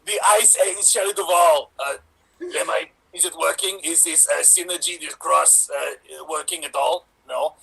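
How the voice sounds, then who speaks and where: A man's voice: fairly high pitch, measured pace, vocal fry, bright, forceful tone, slightly rough, heavily acted, poor audio. A man improvising as a bumbling male action star auditioning for a woman's role, hesitant and full of fillers. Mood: flustered. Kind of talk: improv comedy scene.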